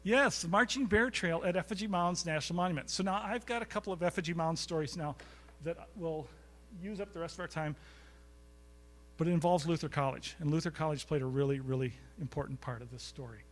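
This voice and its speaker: A man's voice: on the high side, brisk. A man giving a storytelling lecture to a live audience in a college recital hall, chatty and anecdotal, often quizzing the crowd. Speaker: guest speaker.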